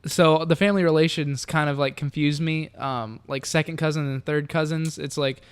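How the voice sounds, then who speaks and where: A young man from the Southern United States co-hosts a casual podcast chat, with a smooth, slightly high voice. He rambles hesitantly, restarting his sentences and leaning on fillers while he works out his thoughts. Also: fairly even intonation, normal speed. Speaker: podcast co-host.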